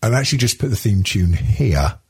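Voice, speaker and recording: A man hosting a podcast, chatting casually with lots of ums and swearing. His husky voice jumps around in pitch. He rambles from one thought to the next. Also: very animated, fairly quick, a little mellow. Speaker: podcast host. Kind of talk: casual chat.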